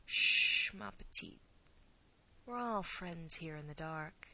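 一位女性演绎的古老掠食女妖，假扮伯爵夫人，声音偏低、明亮，语速缓慢，低语般诱惑地哄劝。. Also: female voice, low voice, lively intonation, slow, bright, forceful tone, heavily acted, rough recording. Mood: seductive. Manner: purring, seductive, coaxing. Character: ancient predatory female creature posing as a countess.

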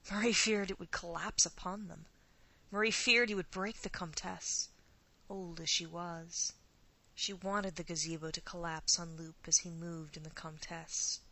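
A woman narrating a scripted story in a hushed, often half-whispered delivery. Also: on the low side, steady tone, measured pace, low-quality recording.

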